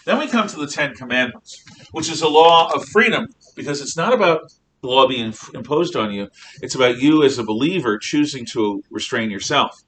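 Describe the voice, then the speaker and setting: A man teaching a history class, lecturing in an emphatic, animated way. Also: medium pitch, normal speed. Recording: echoey room, mic far off.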